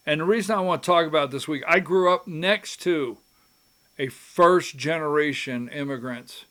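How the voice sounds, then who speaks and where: A man's voice: on the high side, normal speed, a bit bright, clear, resonant tone. A man hosting a political talk show, rambling in a folksy way and repeating his phrases as he goes. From rural Georgia. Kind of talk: casual commentary monologue.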